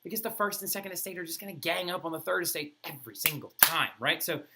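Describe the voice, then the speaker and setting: A male history teacher giving an animated, casual lecture full of playful asides. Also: a little high, fast talker, background noise.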